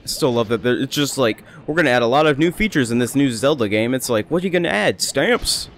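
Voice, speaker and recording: A man's voice: mid-range voice, lively intonation, fast talker, slight background noise. Rambling young man commentating a game. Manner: rambling, chatty, self-amused. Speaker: let's play host. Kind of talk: casual gameplay commentary.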